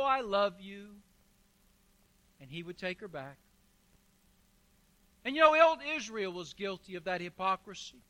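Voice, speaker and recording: A man's voice: extremely high pitch, bright, forceful tone. A man preaching a sermon as pastor, emphatic, with rhetorical questions and repeated phrases.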